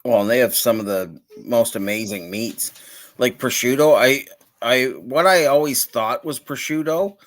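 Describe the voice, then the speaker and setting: A man's voice: mid-range voice, normal speed. A man chatting casually on a video call, rambling with lots of filler words and chuckling often. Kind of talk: casual chat.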